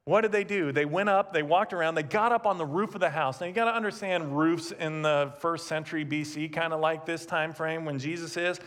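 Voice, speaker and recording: High-voiced animated male preacher. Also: fairly quick, few pauses. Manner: animated storytelling with asides and laughs. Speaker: pastor. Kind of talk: sermon. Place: church sanctuary, also streamed.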